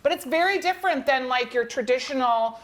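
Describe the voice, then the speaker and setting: Casting: fairly high-voiced woman, chatty cooking demo guest. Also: lively intonation, fairly quick. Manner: chatty, upbeat, explanatory. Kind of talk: cooking demonstration.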